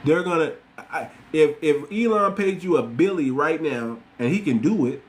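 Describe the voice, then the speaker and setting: A man's voice: fairly high pitch, animated, normal speed. A man hosting a podcast, giving blunt, repetitive commentary straight to his listeners. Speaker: podcast host. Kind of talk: casual commentary monologue.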